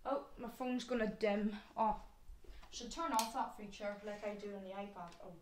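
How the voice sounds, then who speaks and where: A woman vlogger with a mid-range voice and non-American accent chats casually to viewers during an unboxing at a moderate pace, exclaiming and thinking aloud. She uses the regional word "wee," and there's a little hiss or hum.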